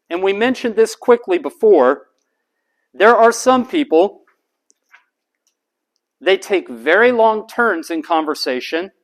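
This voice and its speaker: Slow, deliberate lecturer. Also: male voice. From United States. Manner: demonstrates voice types, drops to flat low monotone for examples; deliberate, repeats key terms slowly. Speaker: college lecturer.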